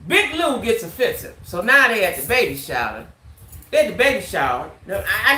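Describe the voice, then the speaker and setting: A woman's voice: mid-range voice, echoey room. A woman hosting a live stream, giving casual, emphatic commentary on a reality show and talking straight to her viewers. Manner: animated, emphatic, talks to viewers.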